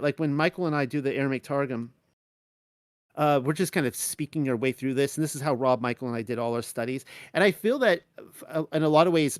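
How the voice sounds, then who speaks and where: A man's voice: on the high side, no echo, clean studio sound. A young adult man talking casually through a Bible study, rambling with many restarts.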